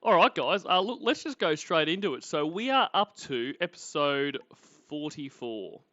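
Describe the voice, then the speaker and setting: Slightly muffled, dry audio with no room sound carries a livestream host with an Australian accent. His fairly high voice swings widely in pitch, bright and forceful at normal speed, as he rambles, mocks and swears through casual commentary.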